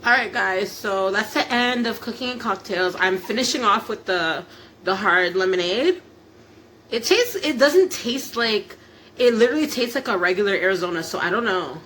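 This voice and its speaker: A woman's voice: medium pitch, expressive, normal speed, a bit bright, slight background noise. A young woman vlogging at home while cooking, chatty and laughing, swearing casually. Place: home kitchen.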